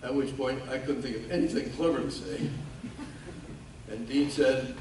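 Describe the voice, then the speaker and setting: A man's voice: mid-range voice, wildly swooping pitch, moderate pace, warm tone. An older man gives a speech as guest speaker, telling his story in a folksy way with self-mocking humor. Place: large hall at a ceremony. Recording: echoey hall from far off, faint noise.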